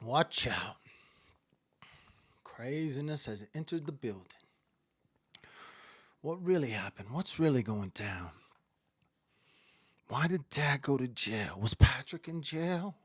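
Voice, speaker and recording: A man's voice: medium pitch, lively intonation, a little slow, pauses often, slightly rough, dry recording. A man hosting a casual livestream, talking straight to his camera in a chatty, rambling storytelling way. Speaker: livestream host. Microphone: webcam or phone camera at close range.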